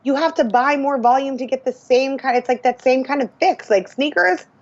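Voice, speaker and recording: A woman co-hosting a podcast, telling stories in an animated, teasing way over dull lo-fi audio. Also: sits high, normal speed. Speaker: podcast co-host. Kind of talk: casual podcast chat.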